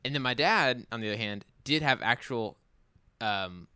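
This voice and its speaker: A man telling family stories in a relaxed, casual chat, with fillers and restarts. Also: mid-range voice, moderate pace, clear, resonant tone, no room sound, faint music behind.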